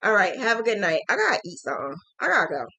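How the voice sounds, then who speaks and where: A woman hosting a casual live stream, warmly thanking viewers in quick, emotional, laughing bursts. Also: mid-range voice, very animated, no echo. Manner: gushing, effusive thanks to viewers. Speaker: host of a crochet business livestream.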